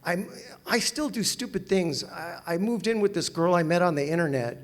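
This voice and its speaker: Brief: older man, Southern California, high-pitched, lively self-mocking recovery-meeting storyteller who laughs a lot. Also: normal speed. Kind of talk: personal storytelling talk. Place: meeting hall with audience.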